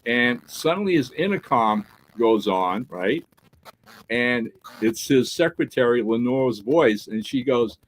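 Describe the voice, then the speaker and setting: A man co-hosting a casual podcast, telling a story with animated delivery and checking in with "right?" and "all right?" as he goes. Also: medium pitch, measured pace, a little hiss or hum, low-quality recording. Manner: animated storyteller who acts out quoted dialogue; peppers talk with "right?" and "all right?". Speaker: podcast co-host.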